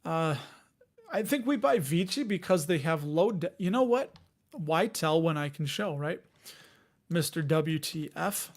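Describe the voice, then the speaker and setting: A man in his forties speaks with a Chicago accent in a fairly high voice. He rambles and jokes as the host of a casual investing live stream. He answers viewers' comments as he goes. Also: expressive, normal speed. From Chicago area, Illinois. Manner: rambling, jokey, laughs often, reads chat aloud.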